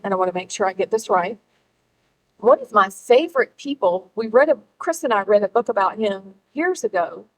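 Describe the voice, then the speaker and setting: A middle-aged woman addresses a gathered audience in a rallying public speech. Her voice sits a little high, and she leans hard on key words with dramatic pauses between them. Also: poor audio. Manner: emphatic, rallying, with pauses for effect. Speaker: speaker at a political gathering.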